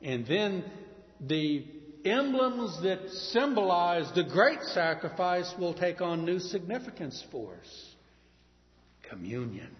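A male pastor delivers a sermon at an unhurried, deliberate pace. His impassioned voice sits a little high and swings from hushed pleading to loud emphasis. The recording is muffled and lo-fi, with a long reverb trailing off each phrase. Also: very animated. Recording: dull lo-fi sound in a reverberant hall.

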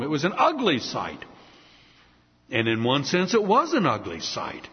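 Male preacher, lively swooping intonation, emphatic sermon delivery, lo-fi hall recording. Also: high-pitched. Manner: emphatic, dramatic preaching with slow stressed repetitions. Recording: reverberant hall, dull lo-fi sound.

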